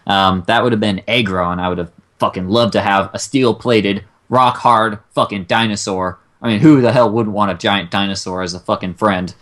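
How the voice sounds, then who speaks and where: Young man swearing through a casual chat. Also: on the low side. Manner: profane, excitable, drawn-out rants. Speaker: co-host.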